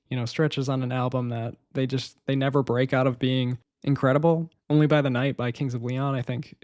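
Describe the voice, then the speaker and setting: A man's voice: medium pitch, a little mellow, no room sound, studio quality. A young man hosting a casual solo podcast about music, rambling with enthusiasm, laughing often and peppering his talk with "like" and "man". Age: young adult. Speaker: podcast host.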